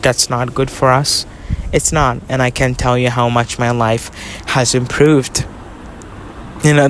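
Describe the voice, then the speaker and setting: A man's voice: mid-range voice, a little hiss or hum. Earnest young man talking outdoors. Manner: earnest, repetitive, affectionate toward listeners. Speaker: podcast host. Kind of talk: casual self-help monologue. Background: faint outdoor ambience with passing vehicles.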